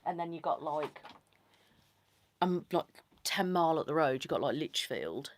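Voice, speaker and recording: Low-voiced Staffordshire woman chatting softly. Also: lively intonation, moderate pace, a little hiss or hum. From Staffordshire, England. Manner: rambling and chatty, drifting into soft whispered asides. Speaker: ASMR channel host. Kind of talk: casual live-stream chat.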